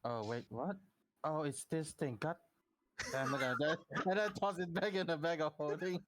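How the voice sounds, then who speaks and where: A man's voice: fairly high pitch, moderate pace, a bit bright. A man in casual chat as a player in a tabletop game, wry in manner.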